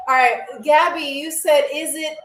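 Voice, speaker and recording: High-voiced playful woman game show host. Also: fairly even intonation, measured pace, fairly bright tone. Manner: playful, jokey, reads viewer comments aloud; peppers lines with "okay?" and "all right". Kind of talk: live-stream game show chat. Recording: roomy echo, faint music.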